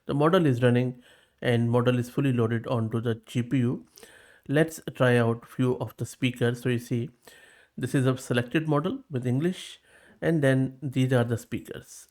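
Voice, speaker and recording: A man hosting a tech video, walking through a demo in a relaxed, chatty way. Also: medium pitch, normal speed. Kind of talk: casual screen walkthrough.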